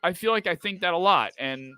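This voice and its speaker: A man's voice: high voice, lively intonation, fairly quick, bright, forceful tone, clear, resonant tone, soft background music. A man hosting a live football watch-party stream, reacting with exasperation, swearing and repeating himself. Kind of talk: live sports reaction chat.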